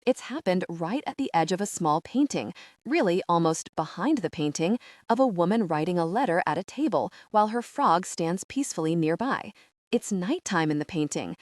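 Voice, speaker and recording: Her pitch is fairly low and her speed normal as she expressively narrates a scripted audiobook. The sound is clean studio quality with no room sound.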